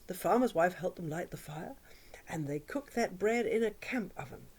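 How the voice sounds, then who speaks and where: A woman tells a children's story aloud, her voice sing-song and richly expressive. Her pitch rises and falls in wide, lively swoops, and she drops to a hush for drama. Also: normal speed, breathy edge. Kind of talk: oral storytelling for young children.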